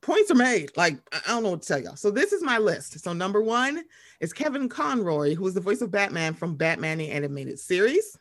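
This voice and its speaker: A woman co-hosting a podcast in casual chat, animated and profane, swinging quickly in pitch and volume. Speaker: podcast co-host.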